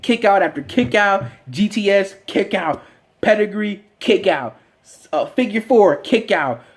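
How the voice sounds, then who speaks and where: A man talks in a slightly high voice, rambling excitedly through casual fan commentary. He stumbles over fillers and restarts as his ideas run ahead of him. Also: measured pace. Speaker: vlogger.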